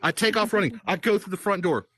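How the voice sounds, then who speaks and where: A man with a high, bright voice tells a wild night-out story in a casual, profane way. His pitch leaps around as he acts out the moments and laughs along. The sound is close and dry. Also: lively intonation, fast, no echo. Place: virtual-world chat session.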